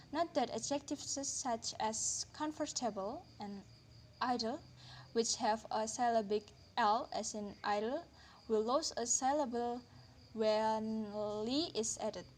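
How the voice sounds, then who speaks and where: A woman reading a linguistics lesson aloud in a careful, deliberate way, slowing down on the example words. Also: on the high side, a little mellow, a little hiss or hum. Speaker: lecturer.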